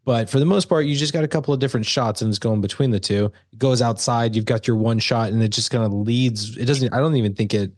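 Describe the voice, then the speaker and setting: A man's voice: medium pitch, darkish tone, no echo, studio quality. A man co-hosting a casual movie podcast, talking thoughtfully through how a scene was shot. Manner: thoughtful, breaks down camera work, quick restarts. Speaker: podcast co-host. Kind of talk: casual movie-discussion chat.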